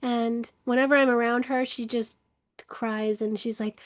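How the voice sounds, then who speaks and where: A woman hosting a spoken webinar, talking earnestly and emotively, often acting out inner voices, with restarts and soft laughs. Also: a little high, fairly even intonation, normal speed, no echo, clean studio sound. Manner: acts out inner dialogue in shifting voices. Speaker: webinar host, creativity coach. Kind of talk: casual spoken webinar talk.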